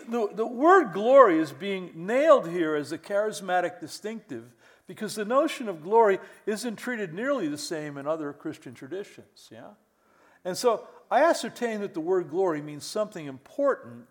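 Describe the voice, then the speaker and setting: An older man, a pastor preaching a sermon to church leaders with many restarts and mock exclamations. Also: fairly high pitch.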